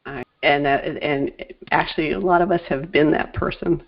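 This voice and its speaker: A woman's voice: low-pitched, steady tone, muffled recording. A woman hosting an interview, affirming her guest and thanking her, talking through a sore throat. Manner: warm thanks, affirming, slightly halting. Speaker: podcast host. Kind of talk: casual interview chat.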